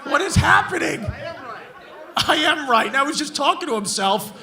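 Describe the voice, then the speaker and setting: A man's voice: extremely high pitch, lively intonation, normal speed, gravelly. A man doing crowd work as a stand-up comedian, brash and profane as he mocks hecklers in a large club. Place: large comedy club before a live audience. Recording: live club recording with crowd noise. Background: crowd laughing.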